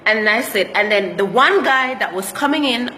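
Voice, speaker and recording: A woman's voice: fairly high pitch, animated, normal speed, sharp tone, in a large hall, slight background noise. A Jamaican woman telling travel stories in a casual vlog, slipping into patois as she talks. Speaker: travel vlogger.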